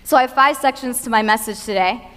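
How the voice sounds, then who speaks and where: A woman with a fairly high voice delivers an earnest teaching talk from a conference stage. Her words carry a long reverb through a large hall, and she leans on casual fillers as she explains. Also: fast talker, fairly bright tone, clean tone. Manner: earnest, teaching, with frequent "you know" fillers. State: cold. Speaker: conference speaker.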